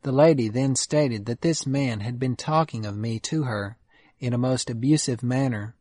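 A man giving a steady, measured audiobook reading of an old memoir. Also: mid-range voice, no room sound. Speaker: narrator.

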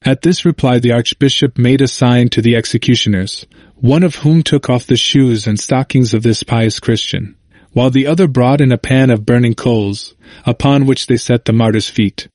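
A man reading a history book aloud in a steady, measured narration. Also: medium pitch, no echo. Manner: steady, measured reading, quotes read with only slight lift.

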